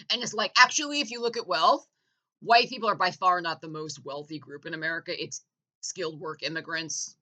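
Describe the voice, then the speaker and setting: A woman's voice: fairly low pitch, fairly quick, sharp tone, poor audio. Sarcastic, profane woman ranting. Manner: sarcastic, mocking, profane, heated. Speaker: vlogger. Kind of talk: profane political rant.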